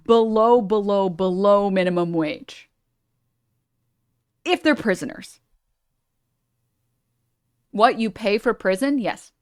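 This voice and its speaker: A woman's voice: medium pitch, clean tone, no echo, clean studio sound. Sarcastic streamer woman reacting. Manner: sarcastic, blunt, swears. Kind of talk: casual reaction commentary.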